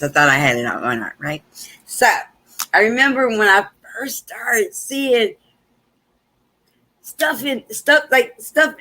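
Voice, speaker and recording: Woman minister, casual live-show host at home, tense bright tone, animated storyteller. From Chicago, USA. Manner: animated storyteller with big pitch swings, laughs often.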